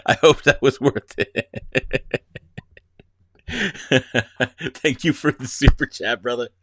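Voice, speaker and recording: A man's voice: mid-range voice, takes it slowly, noisy background. A man hosting a casual livestream, chatting with viewers, giggling and restarting often. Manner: giggly, rambling, restarts a lot. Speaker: livestream host. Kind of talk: casual live-stream chat.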